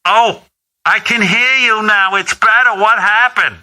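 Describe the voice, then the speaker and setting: A man's voice: high-pitched, measured pace, pushed and bright, pitched above the performer's own voice, exaggerated voice. A man voicing his frail, anxious elderly mother, with a shaking, quivering voice and confused questions. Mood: quavering, confused. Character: frail elderly woman, anxious, hard of hearing.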